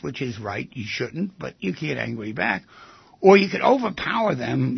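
A man with a raspy, gravelly voice gives an animated talk. His pitch swings widely as he acts out quoted lines. The sound is dry and dull, like an older lo-fi recording. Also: a little slow, no echo. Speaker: speaker on relationships. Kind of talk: lively talk.

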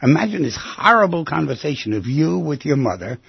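A man's voice: a little high, big pitch swings, brisk, gravelly, breathy edge, no echo. A middle-aged man hosting a radio call-in show, counseling callers in a direct, coaxing, plain-spoken way. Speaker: radio call-in host and therapist. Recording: dry, muffled radio broadcast audio.

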